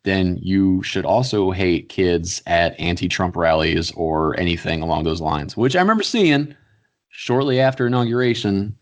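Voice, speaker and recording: A young man co-hosting a podcast, talking in a blunt, profane and animated casual chat. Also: low voice. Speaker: podcast co-host.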